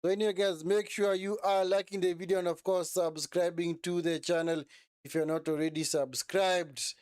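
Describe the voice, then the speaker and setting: Young male streamer, slightly high, smooth clear voice, dry close sound, rambling and self-correcting. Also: steady tone, moderate pace, a little mellow, no echo. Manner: chatty, repetitive, self-correcting. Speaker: live stream host. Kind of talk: casual live watch-along commentary.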